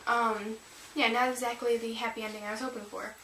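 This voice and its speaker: Teenage girl, higher voice, rambling emotional vlog, distant camera mic, echoey noisy room. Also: little pitch movement, brisk, sharp tone. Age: teens. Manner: rambling, emotional, with frequent laughs and fillers. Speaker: vlogger. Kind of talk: casual confessional vlog. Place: room at home.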